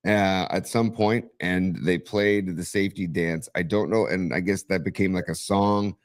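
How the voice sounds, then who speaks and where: A man co-hosting a sports talk stream, halting and trailing off, then bursting into excited rants. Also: low voice. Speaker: podcast co-host. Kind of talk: casual sports chat.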